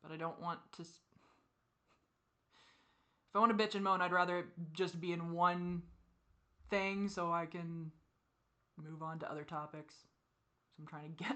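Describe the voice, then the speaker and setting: Woman, teary vlog rant, bright voice, lowish pitch, sighing, frustrated. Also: steady tone, moderate pace, long pauses. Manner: frustrated venting with sighs and soft asides. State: teary, crying. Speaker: vlogger. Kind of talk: personal confessional vlog.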